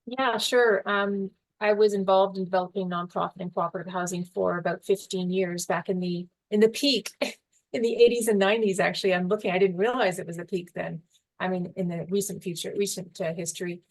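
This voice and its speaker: A woman in her sixties, a housing presenter, answering a question in a relaxed, chatty way. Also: mid-range voice, fairly quick, poor audio.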